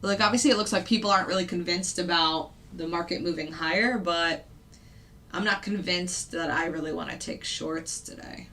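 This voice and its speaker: A woman's voice: lowish voice, steady tone, normal speed, pushed and bright. A woman trader giving casual live commentary on the markets, thinking aloud with fillers and the odd laugh. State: hiccups. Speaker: futures day trader and channel host.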